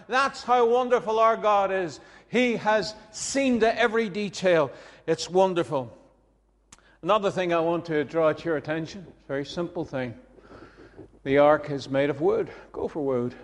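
A man's voice: high voice, normal speed, long reverb tail. A man preaching a sermon, conversational and emphatic, chuckling between his points.

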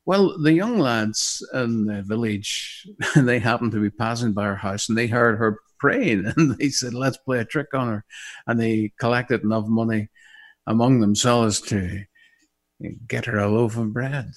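A man's voice: on the low side, a little slow. A middle-aged man from Northern Ireland with a Northern Irish accent, preaching a sermon and praying to listeners in an emphatic, heartfelt way. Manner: emphatic and heartfelt, rising and falling. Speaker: pastor.

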